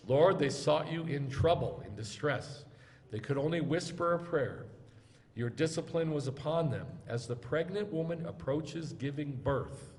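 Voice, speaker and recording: A rabbi teaching scripture to his congregation, pressing them with repeated questions and urging them to answer aloud. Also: medium pitch. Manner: drilling call-and-response, urging listeners to answer aloud. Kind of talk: interactive scripture lesson. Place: congregation meeting hall. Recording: long reverb of a large room.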